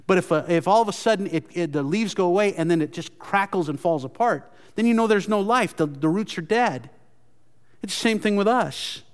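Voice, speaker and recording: High-voiced man preaching in a reverberant hall. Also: expressive, fairly quick. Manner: earnest, repetitive restarts, emphatic. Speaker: pastor. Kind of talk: sermon.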